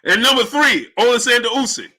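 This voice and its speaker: Speaking a little fast in an extremely high-pitched voice, a boxing show host runs a livestream, reading chat aloud. He greets chatters by name and animatedly hypes up his audience.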